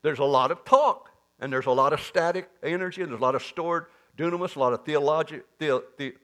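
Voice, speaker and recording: A man preaching a sermon in church, animated, with sudden loud, higher bursts. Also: brisk. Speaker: pastor.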